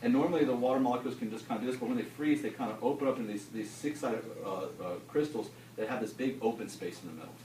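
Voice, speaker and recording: Middle-aged guy teacher doing a science demo, jokey and animated, roomy classroom sound from a far camera with some noise. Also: mid-range voice, quick pace, few pauses. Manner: animated, joking, with frequent restarts. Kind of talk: classroom demonstration.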